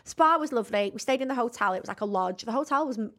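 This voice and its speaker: A chatty woman co-hosting a podcast. She tells her stories in a cheeky, giggly way and keeps it all relaxed and casual. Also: fairly high pitch, fast. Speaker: podcast co-host. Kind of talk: casual chat.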